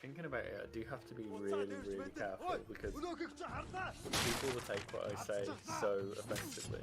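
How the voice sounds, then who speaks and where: A man's voice: on the low side, wildly swooping pitch, a little fast. A man with a Birmingham accent, a game streamer bantering casually and reacting to the game as he plays. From England. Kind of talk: casual chat while playing a game.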